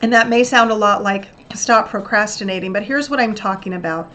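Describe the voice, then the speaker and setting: A woman's voice: mid-range voice, fairly quick, bright, forceful tone. A woman hosting a motivational self-help talk, coaching listeners earnestly and acting out little examples. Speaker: host.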